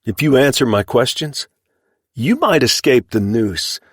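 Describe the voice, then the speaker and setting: A man's voice: mid-range voice, big pitch swings, a little slow, breathy edge, no room sound, clean studio sound, pitched above the performer's own voice. A man voicing a stern young ranch hand who speaks in a firm, clipped, commanding way, often sarcastic.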